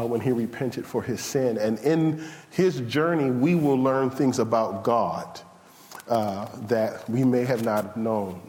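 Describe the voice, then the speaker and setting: A pastor preaching a sermon in a conversational style, building from calm to loud, high and fired up. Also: male voice. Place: church sanctuary. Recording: long hall reverb.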